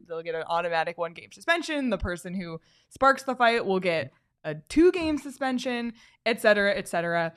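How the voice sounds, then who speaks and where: A woman's voice: lowish voice, fairly bright tone. A young woman hosting a sports podcast in an upbeat, easygoing way, welcoming listeners and introducing topics. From United States. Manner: upbeat, easygoing, reading notes aloud. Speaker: podcast host.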